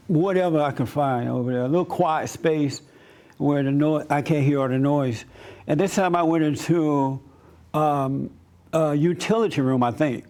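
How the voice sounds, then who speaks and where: Animated man telling a story. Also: on the high side. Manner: animated storyteller, acts out quoted voices. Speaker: pastor and host. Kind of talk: storytelling at a church gathering.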